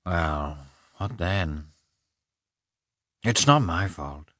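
A man doing a quiet, brooding landowner. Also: deep voice, expressive, very slow, dry recording, clean studio sound, exaggerated voice. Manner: quiet, muttering, introspective. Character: brooding, earnest landowner, weary.

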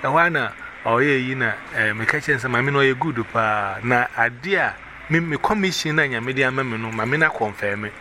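A man with a Ghanaian accent telling a personal testimony in a casual, animated way, switching between Twi and English. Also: mid-range voice, moderate pace. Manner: mixes Twi and English, animated retelling with quoted voices. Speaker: evangelist. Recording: audible background noise.

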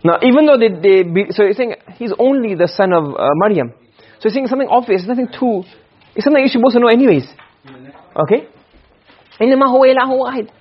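Fast-talking high-voiced male teacher. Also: expressive, breathy edge. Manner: explains with many checks on understanding, recites Arabic quickly. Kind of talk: classroom lecture on Arabic rhetoric. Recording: dull lo-fi recording.

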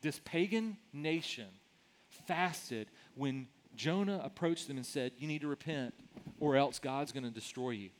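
A man's voice: medium pitch, measured pace, slight background noise. A middle-aged man, a pastor, preaching a sermon in a conversational way, often repeating words as he starts sentences.

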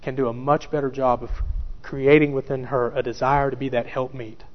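A man's voice: medium pitch, little pitch movement, brisk. A pastor preaching a sermon who repeats key phrases for emphasis and addresses his listeners directly. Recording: dull church recording with long reverb.

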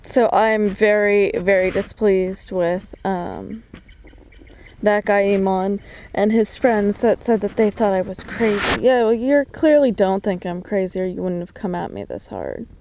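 A woman talking to a phone camera in a diary-like monologue, agitated and suspicious, swearing often, with many fillers and halting restarts. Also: medium pitch, animated, darkish tone, slight background noise.

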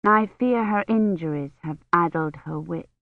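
A woman reading a soft, careful noblewoman. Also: lowish voice, unhurried, no room sound, phone-quality sound. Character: gentle, careful medieval noblewoman.

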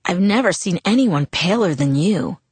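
A woman's voice: fairly low pitch, lively intonation, moderate pace, a little mellow, breathy edge, no room sound. A woman reading the lines of a teasing, easygoing teenage boy in an audiobook. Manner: teasing, casual.

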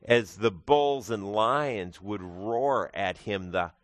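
A man's voice: on the low side, slow, no echo. A male pastor giving a conversational sermon, explaining scripture with casual asides. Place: church.

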